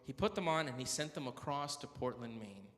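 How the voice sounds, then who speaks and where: A man's voice: mid-range voice, animated, brisk, fairly bright tone. Chatty man telling stories in a reverberant hall. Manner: chatty, jokes and corrects himself as he goes. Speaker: church speaker. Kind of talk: storytelling talk at a prayer meeting. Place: church hall.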